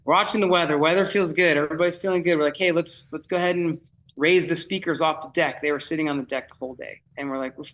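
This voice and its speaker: A man telling a vivid, excitable story in podcast chat, often restarting his sentences. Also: on the high side, fast, rough recording. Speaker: festival producer guest.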